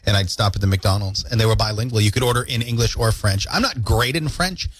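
A man's voice: lowish voice, fast, no room sound. A man hosting a morning radio show, telling stories with jokes and laughs in a casual studio banter. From Canada. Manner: jokey, animated storytelling with laughs.

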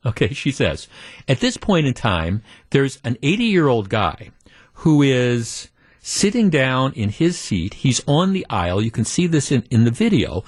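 A man's voice: medium pitch, big pitch swings, unhurried, husky, no room sound, studio quality. A man hosting a talk radio show, telling a story with animation and acting out the quotes.

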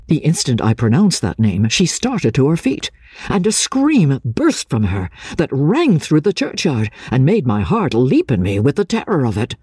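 Man reading an old novel aloud, really lively up-and-down voice, a bit husky, dry sound. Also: moderate pace, no room sound. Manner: expressive, dramatic reading with lively pitch. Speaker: audiobook narrator. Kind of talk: first-person literary narration.

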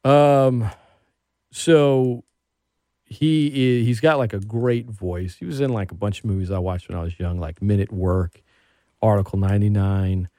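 A man hosting a radio show, chatting casually and telling stories with animated excitement. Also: on the low side, measured pace, dry recording, clean studio sound. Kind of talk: casual chat.

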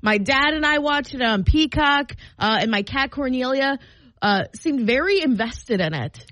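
Woman, podcast co-host, slightly high voice, dry close sound, enthusiastic chatter. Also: animated, a little slow, fairly bright tone, dry recording. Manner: upbeat, enthusiastic, lots of "like". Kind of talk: casual chat.

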